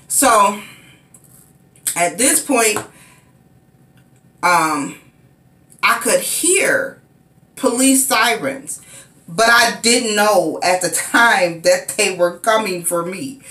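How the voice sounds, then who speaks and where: A woman recounts a frightening personal story in a slow, unhurried way, her bright voice carrying in a reverberant room. She now and then acts out frantic, high-pitched cries as she relives the scene. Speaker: vlogger. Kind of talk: casual storytelling. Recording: echoey room.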